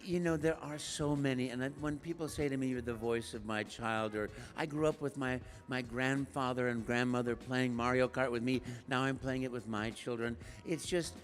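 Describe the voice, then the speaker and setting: An older man, a guest voice actor, telling stories at a live stage Q&A in an animated, playful way. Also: medium pitch, moderate pace, hardly any pauses, soft background music.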